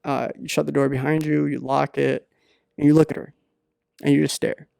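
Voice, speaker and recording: A man hosting a podcast, giving rambling deadpan comedic advice with many halting fillers. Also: a little high, creaky, smooth, no echo, clean studio sound. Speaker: podcast host.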